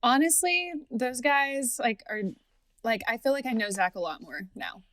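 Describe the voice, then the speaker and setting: A woman's voice: on the high side, sing-song, moderate pace, a bit bright, no echo. A woman co-hosting a podcast in casual chat, upbeat and chatty. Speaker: podcast co-host.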